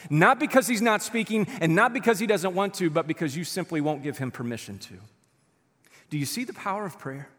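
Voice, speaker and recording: A man preaching a sermon to his church in an animated, conversational way, acting out quotes as he goes. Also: high voice, fast. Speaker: pastor. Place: church auditorium. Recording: live church sermon with long hall reverb.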